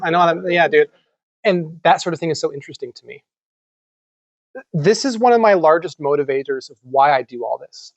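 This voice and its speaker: Guy lecturing, chatty and lively, swears a bit, dull dry recording. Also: a little high, no room sound. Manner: animated and conversational, with casual swearing. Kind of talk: conference lecture. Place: lecture room.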